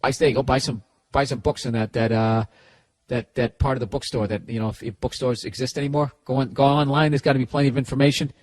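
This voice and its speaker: A man hosting a podcast, reading listener letters aloud and answering them in a loud, profane, sarcastic comedic rant. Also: mid-range voice, fairly even intonation, quick pace. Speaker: podcast host giving advice.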